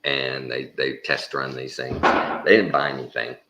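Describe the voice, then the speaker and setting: Very deep gravelly man. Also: flat delivery, normal speed, background noise. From Texas. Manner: folksy, rambling, casual swearing, acts out quoted voices. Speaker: storyteller. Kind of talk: casual spoken anecdote.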